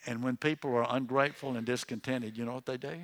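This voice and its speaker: A man's voice: mid-range voice, steady tone, quick pace, a bit bright. An older man preaches in an easy, conversational way from a church pulpit, his voice sitting in a middle range. He repeats himself, restarts his sentences, and checks in with his listeners as he goes. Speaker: pastor. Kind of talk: sermon.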